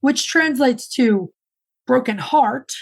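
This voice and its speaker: Woman co-host, fairly high voice, easygoing banter with dry wit. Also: lively intonation, slow pace, gravelly, poor audio. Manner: chatty, dry humor. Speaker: podcast co-host. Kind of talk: casual chat.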